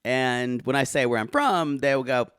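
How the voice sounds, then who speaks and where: A man from South Carolina, co-hosting a podcast in casual, catty chat and jumping into high voices when quoting people. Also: moderate pace, fairly bright tone, smooth, no room sound, studio quality. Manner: catty, theatrical, jumps into high-pitched voices for quotes. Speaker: podcast co-host.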